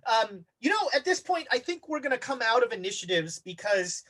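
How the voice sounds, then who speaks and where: Halting tabletop game master. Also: male voice, very high-pitched, sing-song, sharp tone. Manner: halting narration with many fillers. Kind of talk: narrating a tabletop horror game.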